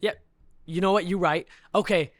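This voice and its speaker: A man's voice: high-pitched, moderate pace, no room sound, clean studio sound. A man telling an indignant story on a podcast, building up with bursts of laughter. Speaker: podcast guest. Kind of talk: animated storytelling rant.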